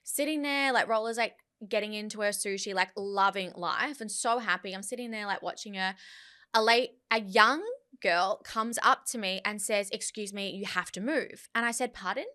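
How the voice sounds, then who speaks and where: An Australian woman in her thirties recounts a story on a casual podcast. Her voice is bright and forceful, with a middling pitch. She tells it in an animated, indignant way. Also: moderate pace, clean tone. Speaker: podcast co-host.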